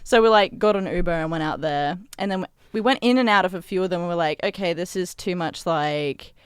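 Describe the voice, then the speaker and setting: A woman's voice: fairly low pitch, brisk, clear, resonant tone, no echo. A woman co-hosting a radio show in a studio, chatting and telling a story with frequent laughs. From Australia. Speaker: co-host. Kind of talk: casual chat. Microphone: studio mic.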